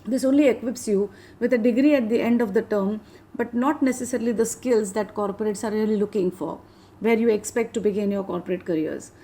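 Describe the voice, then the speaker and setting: Mellow woman giving an earnest lecture. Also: mid-range voice. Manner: earnest, measured, emphatic. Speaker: HR head, guest speaker. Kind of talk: motivational lecture.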